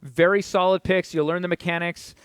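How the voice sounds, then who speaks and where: A man's voice: sits high, level tone, a little fast, clear, resonant tone, dry recording, studio quality. A man giving enthusiastic color commentary on an esports match, explaining characters and equipment. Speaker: esports co-caster, game analyst.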